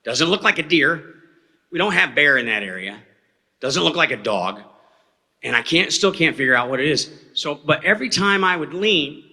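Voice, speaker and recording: A man's voice: mid-range voice, bright, forceful tone. Folksy man telling a story in a hall. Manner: folksy, rambling, checks in with "okay?". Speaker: eyewitness speaker at a talk. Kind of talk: storytelling to a live audience. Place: hall before an audience. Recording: reverberant hall sound.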